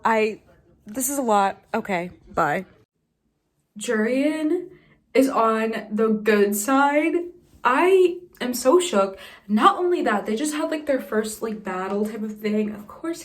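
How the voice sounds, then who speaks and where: A woman with a high voice talks casually to camera about a book she is reading. She is excitable and gushing, dropping to hushed asides one moment and squealing the next. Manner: excitable, gushing, swings between whispers and squeals. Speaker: book vlogger. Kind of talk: casual reading reaction vlog.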